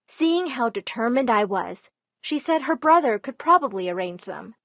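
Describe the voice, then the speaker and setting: Lively dramatic storytime narrator, woman, high voice, dry close sound. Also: moderate pace, dry recording. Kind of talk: first-person storytime narration.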